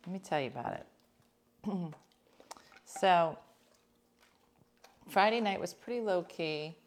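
A woman host talking casually to her listeners, her voice sitting a little low. She tells stories in an animated, chatty way, and now and then she drops to a whisper for an aside. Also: takes it slowly, a little hiss or hum.

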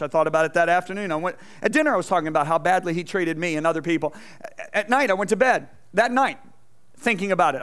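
A man preaching a lively sermon in a high, bright voice. He tells stories and acts out voices along the way, swinging from loud bursts to soft asides as he talks to the congregation. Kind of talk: energetic sermon with stage demonstration. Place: church stage before a congregation.

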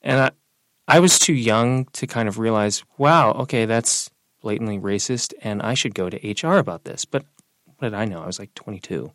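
A young man in an interview, talking casually and telling personal stories, relaxed and lively when quoting other people. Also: on the low side, normal speed, dry recording. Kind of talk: casual conversational storytelling.

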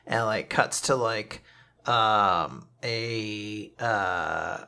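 A man's voice: on the low side, extremely slow, pushed and bright, clear, resonant tone. A man co-hosting a casual podcast, recapping comic chapters and acting out the characters' lines as he goes. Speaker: podcast co-host. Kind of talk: casual manga recap chat.

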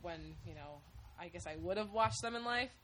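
A woman's voice: lowish voice, expressive, a little fast, over a noisy crowd. A young woman chatting casually with friends, swearing freely and talking over the others. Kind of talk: casual chat. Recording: crowded room with overlapping voices.

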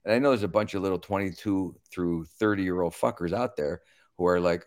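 A middle-aged man, a comedian, chatting on a podcast in an animated, emphatic and profane way. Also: sits low, normal speed. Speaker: comedian guest. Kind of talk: casual podcast chat.

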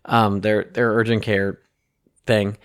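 A man's voice: lowish voice, little pitch movement, slow pace, no echo, studio quality. A man co-hosting a podcast, telling joking stories in casual chat, with frequent restarts. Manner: rambling, jokey storytelling with restarts. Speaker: podcast co-host.

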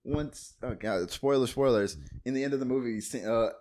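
A man's voice: medium pitch, normal speed, darkish tone. A man co-hosting a casual movie recap, talking animatedly, laughing often and acting out quotes. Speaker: podcast co-host.

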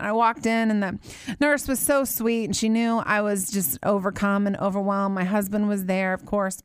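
Woman, thirties, faith testimony, earnest, heartfelt, smooth voice, dry close sound. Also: mid-range voice, fairly even intonation, no echo. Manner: earnest, heartfelt, slows down for emphasis.

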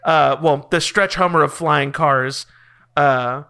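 A man runs a tabletop game, his voice bright and a touch high. He describes the scene in halting stretches full of ums and restarts. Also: clean tone. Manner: filler-heavy, halting descriptions. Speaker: game master.

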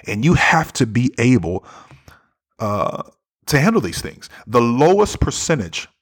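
A man's voice: mid-range voice, sing-song, measured pace, husky. A man giving an earnest, conversational talk on leadership, often checking in with "right?". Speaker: speaker on leadership. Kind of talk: motivational talk.

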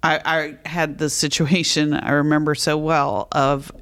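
Candid woman author guest, calm storyteller. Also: low-pitched, unhurried. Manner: candid, calm storytelling about her faith. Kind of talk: conversational faith podcast.

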